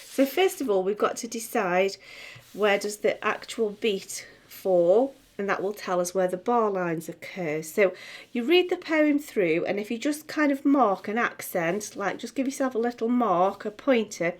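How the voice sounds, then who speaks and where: A middle-aged woman, teaching music theory in a relaxed, chatty way with many fillers. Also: mid-range voice, unhurried. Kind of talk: explaining a lesson to camera.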